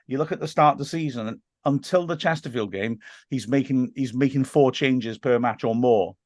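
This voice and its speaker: A man's voice: medium pitch, moderate pace, darkish tone, dry recording. Guy co-hosting a footy podcast, self-mocking, dry close sound. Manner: jokey, self-mocking, laughs often. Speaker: podcast co-host. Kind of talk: casual football chat.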